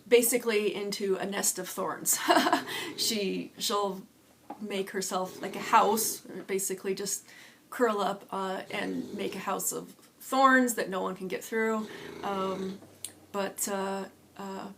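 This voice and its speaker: A woman casually talking about her doll characters, hesitant with many pauses and restarts. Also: mid-range voice, fairly even intonation, gravelly. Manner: hesitant, many ums and restarts, soft laughs. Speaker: doll collector vlogger. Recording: audible background noise.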